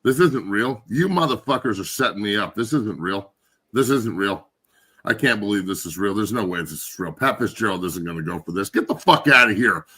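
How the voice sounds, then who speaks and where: A man co-hosting a sports talk show, profane and incredulous, breaking into shouts. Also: on the low side, animated, fairly quick, slightly rough. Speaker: co-host. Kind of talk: casual sports chat.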